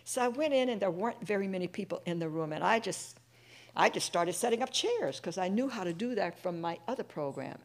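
A middle-aged woman sharing her personal testimony with a recovery group, an animated storyteller who acts out the voices of the people in her story. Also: lowish voice, creaky. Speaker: speaker sharing at a recovery meeting.

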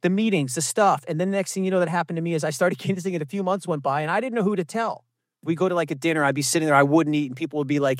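Guy telling his recovery story, lively, does little voices for people, kinda high voice, dry sound. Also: racing, no echo. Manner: animated storytelling, acts out others' voices. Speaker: recovery program speaker. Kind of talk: personal testimony talk.

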